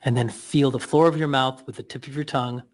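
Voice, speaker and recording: A man leading a guided breathing and mouth exercise, giving slow cues with playful asides. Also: medium pitch, steady tone.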